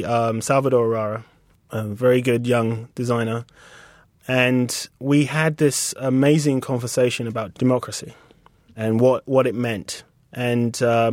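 A British man in his thirties, a designer being interviewed, speaking reflectively and haltingly with many restarts. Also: medium pitch, dry recording, clean studio sound. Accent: British English. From England. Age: 30s. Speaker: guest designer. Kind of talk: casual interview conversation.

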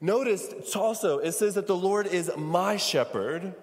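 A man's voice: high-pitched, lively intonation, normal speed, big-room sound. A man preaching a sermon as pastor, calling on his congregation to repeat lines after him. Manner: preaching with call-and-response to the congregation.

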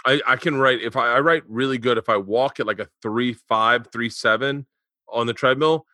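Casting: male comedian podcast host, bright ringing voice, rambling storyteller, close dry mic. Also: medium pitch, moderate pace, no echo. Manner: rambling storyteller, animated when retelling stories. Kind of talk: casual remote chat. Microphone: remote call.

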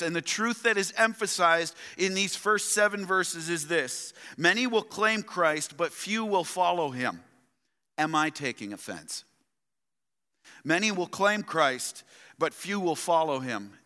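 A man preaching with a bright, forceful voice that sits a little high for a man. He talks earnestly and hammers home his questions. The sound carries a long echo, as in a large church hall. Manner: earnest, emphatic, repeats key questions. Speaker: pastor. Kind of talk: sermon. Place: church sanctuary.

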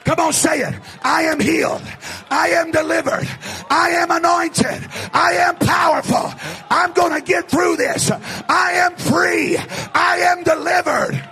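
A male pastor preaching a fervent sermon to a live congregation, building to shouted exhortations. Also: very high voice, steady tone, measured pace, few pauses. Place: church service before a congregation.

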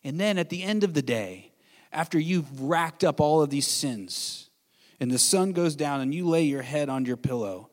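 An earnest male pastor preaches a sermon with a somewhat high voice for a man. He swings between bold, raised lines and near-whispered hushes. His words ring out with long reverb in a church hall. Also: expressive, normal speed. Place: church sanctuary.

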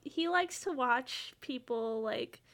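A woman's voice: sits high, expressive, takes it slowly, fairly bright tone. A woman co-hosting a podcast, casually retelling a movie plot with lots of fillers and laughter. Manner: chatty, laughing, many fillers. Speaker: podcast co-host. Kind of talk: casual chat recapping a movie.

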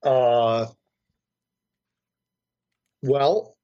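A man's voice: medium pitch, lively intonation, moderate pace, lo-fi sound. A man co-hosting a podcast in casual chat, talking in a rambling, wry way with lots of fillers. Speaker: podcast co-host.

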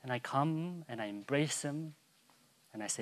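A man pastor preaching a sermon, moving from soft, hushed storytelling to loud, soaring proclamation and acting out a child's calls in a high voice. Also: animated, moderate pace.

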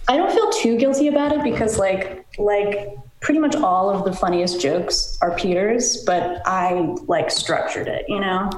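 A woman's voice: medium pitch, unhurried. A woman guest on a podcast, hesitant and self-deprecating, chatting and reading her own comic prose aloud. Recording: roomy echo.

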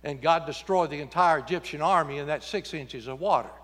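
A man's voice: on the high side, brisk, fairly bright tone, in a large hall. A man preaching a sermon in a church, folksy and joking, acting out voices when he quotes people. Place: church sanctuary.

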